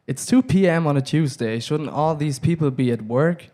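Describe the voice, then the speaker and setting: A man's voice: on the high side, moderate pace, dark tone, close to an everyday voice. A young man with a German accent reading the lines of a brash, crude young man.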